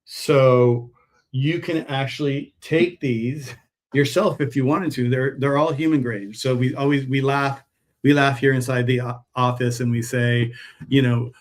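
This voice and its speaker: A chatty man speaking on a live stream as he packs orders, with an average pitch. He wanders from story to story in a loose, friendly way and pitches his herbal products as he goes. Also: fairly even intonation, a little slow. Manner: friendly sales talk. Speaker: herbal pet supplement seller. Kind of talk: casual live-stream chat while packing orders.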